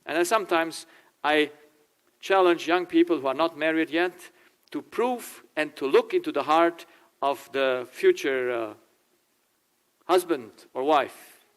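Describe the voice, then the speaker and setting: German-accented man giving a lively talk. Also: fairly high pitch, measured pace. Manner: animated, laughing, acts out dialogue in changing voices. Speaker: family therapist speaking to a church audience. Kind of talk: informal talk with acted quotes.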